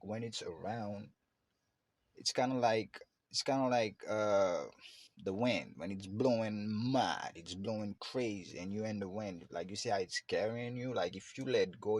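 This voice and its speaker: A man with a low, gravelly voice muses aloud as a podcast host. He rambles loosely and keeps circling back with fillers. The sound is close and dry, with no room around it. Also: a little mellow, no echo. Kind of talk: casual reflective monologue.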